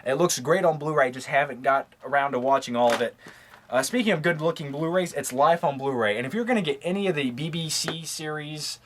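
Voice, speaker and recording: A man casually touring his movie collection, talking quickly and offhandedly, cracking crude jokes and losing his train of thought. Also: a little high, slight background noise. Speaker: movie reviewer. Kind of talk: casual rambling collection tour.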